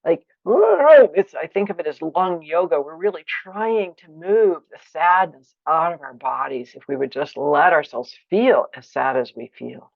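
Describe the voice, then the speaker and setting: A woman giving a workshop lecture, expressive, acting out feelings with sighs and exclamations. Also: low-pitched, measured pace, gravelly, few pauses, dry recording, dull audio. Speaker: teacher of a conflict practice.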